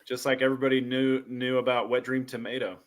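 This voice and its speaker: A man's voice: medium pitch, little pitch movement, fast talker. A man on a podcast cracking jokes in casual chat. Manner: wisecracking. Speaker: podcast co-host. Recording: clear background noise.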